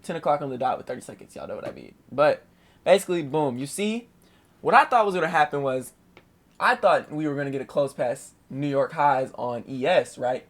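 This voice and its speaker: A young man briskly recaps his day trade over a screen share, sounding slangy and animated. He swears and says "boom" a lot.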